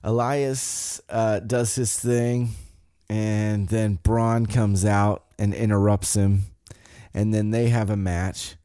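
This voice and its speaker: Male podcast host, dark tone, loose profane recap style, dry room. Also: fairly low pitch, smooth, no room sound. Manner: loose, rambling, profane, admits forgetting details. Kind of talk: casual wrestling recap.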